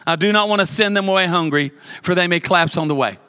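A man's voice: high-pitched, fast, sharp tone, clean tone. A man preaching a sermon as pastor, telling a story with humor and building repeated emphatic lists.

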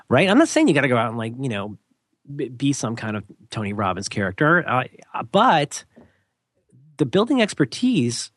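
A man co-hosting a podcast, talking in an animated, emphatic casual rant and slipping into mock voices. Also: on the high side, breathy edge, no echo, studio quality. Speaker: podcast co-host.

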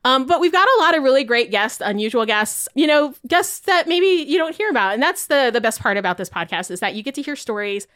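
A woman's voice: high-pitched, big pitch swings, fast talker, few pauses, a bit bright, no room sound, clean studio sound. A woman podcast co-host, talking casually with lots of "like" fillers. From Puerto Rican heritage. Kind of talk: casual chat.

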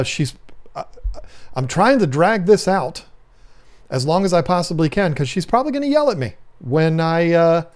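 A man's voice: a little high, a little mellow. A man hosting a casual live stream, rambling and joking while he reads out viewer comments. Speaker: livestream host.

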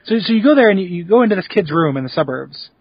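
A man co-hosting a podcast in casual chat, making wry, deadpan jokes. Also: high voice, fast, slightly rough, no room sound, lo-fi sound. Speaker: podcast co-host.

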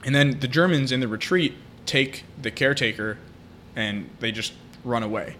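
A man's voice: medium pitch, moderate pace, fairly bright tone. Male co-host, mid-range voice, casual film recap, faint noise in the background. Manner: retelling a film plot at length, with many fillers. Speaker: podcast co-host. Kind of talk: casual podcast chat.

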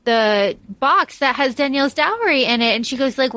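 A woman's voice: high-pitched, normal speed, sharp tone, no echo. A woman co-hosting a casual film podcast, enthusiastic and gushing, swearing casually. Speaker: podcast co-host. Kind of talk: casual chat about a film.

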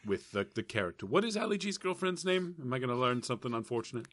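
A man co-hosting a podcast, doing a deadpan comedy bit in a dry, mock-formal way with halting fillers. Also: mid-range voice, no room sound. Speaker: podcast co-host.

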